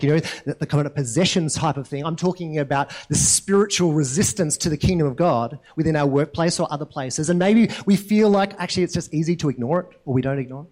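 This sermon comes from a pastor whose fairly high voice has a darkish tone. His delivery is easygoing and talky, more chat than formal speech, and he keeps questioning the congregation and tagging his points with "right?".

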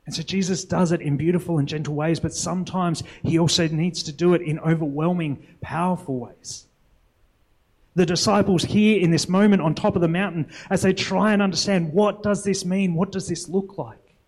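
A man's voice: on the high side, steady tone, normal speed, darkish tone, poor audio. Earnest man preaching a sermon. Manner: earnest, reflective, with rhetorical questions.

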